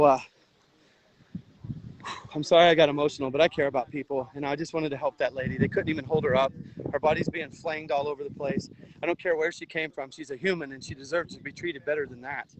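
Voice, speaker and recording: A man's voice: on the high side, steady tone, brisk, noisy background. Exhausted man livestreaming from a phone. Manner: urgent, earnest, rambling with restarts. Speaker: livestream host, veteran volunteer. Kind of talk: emotional outdoor livestream commentary. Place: outdoors at a river border.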